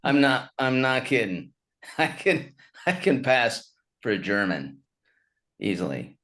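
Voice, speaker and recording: A man's voice: mid-range voice, sing-song, slow pace, a bit bright. A man in his fifties from Utah, a stand-up comedian chatting as a guest on a video call, wry and self-mocking, laughing often. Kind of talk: casual chat over a video call.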